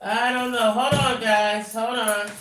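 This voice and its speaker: Middle-aged woman, frustrated live-stream host; bright tone, recorded in a roomy space. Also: fairly high pitch, steady tone, unhurried, recorded from a distance, slight background noise. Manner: exasperated, talks to viewers directly. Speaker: vlogger. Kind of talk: casual live stream chat. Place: home room. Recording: roomy, away from the mic.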